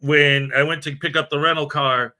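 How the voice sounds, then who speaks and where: A man's voice: on the high side, level tone, moderate pace, sharp tone. A man hosting a casual morning livestream, chatting and laughing as he greets viewers and reads their comments aloud. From United States. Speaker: livestream host. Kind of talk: casual live-stream chat.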